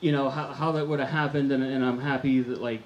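A middle-aged American man performing a stand-up comedy set on a theater stage, telling deadpan absurd one-liners into a handheld mic. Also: mid-range voice, a little fast, dull audio. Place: movie theater stage before a live audience. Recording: echoey theater room with faint noise.

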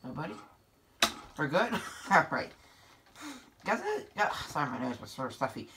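A woman hosting a gameplay video, giving excitable, sarcastic running commentary to her viewers. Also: sits low, normal speed, background noise.

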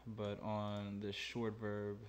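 A mixing engineer who hosts his own channel walks through a tutorial in a laid-back way, thinking aloud with lots of ums and uhs. His voice is on the low side, monotone and slow, with slight background noise.

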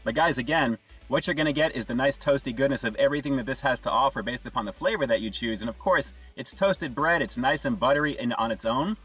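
A man's voice: medium pitch, fast, fairly bright tone, breathy edge, far from the mic, soft background music. A man giving an enthusiastic casual food review, chatting to viewers and calling them "guys" as he tastes. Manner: enthusiastic, repeats "guys" and "action".

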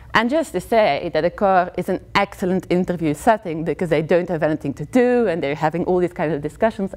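A Belgian woman in her thirties with a Flemish accent and Dutch as her first language, giving a university talk as a criminology lecturer, telling her stories in a lively way and laughing between points. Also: on the low side.

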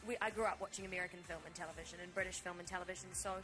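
Brisk young woman with a Kiwi accent. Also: fairly low pitch, steady tone. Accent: New Zealand. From New Zealand. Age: young adult. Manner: quick, lightly teasing. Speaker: actress guest. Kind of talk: casual interview chat. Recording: music playing in the background.

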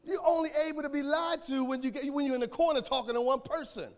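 Male pastor, high voice, AAVE, shouting sermon with a cracking voice, echoing church hall. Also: quick pace. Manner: preaching with call-and-response and sudden shouts.

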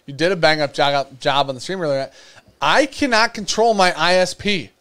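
Guy cohosting a whiskey livestream, slightly high voice, jokey and swears a lot. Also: normal speed, pushed and bright, clear, resonant tone. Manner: joking, profane, teasing. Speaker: podcast co-host. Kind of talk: casual live-stream banter.

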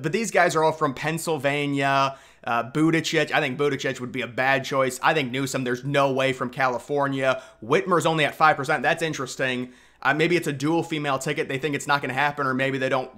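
Young male commentator, higher-pitched and sharp-toned, sarcastic and emphatic, with lots of restarts. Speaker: political commentator. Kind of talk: opinionated political commentary.

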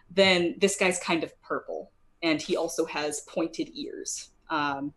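A woman narrating as game master of a tabletop game, casual and full of fillers. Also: fairly low pitch.

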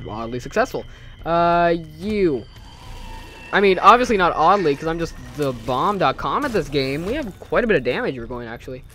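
A man's voice: on the high side, fairly bright tone. A young man giving rambling, jokey commentary while playing a video game, talking to himself and easily startled. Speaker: gameplay commentator. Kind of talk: casual let's-play commentary.

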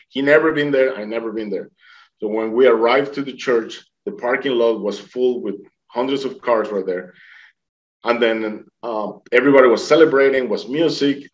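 A middle-aged man speaking English as a second language, telling his own story in an interview and acting out what others said. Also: mid-range voice. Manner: animated, acts out the dialogue of others; non-native English grammar. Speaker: near-death experience survivor telling his story. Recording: dull lo-fi recording.

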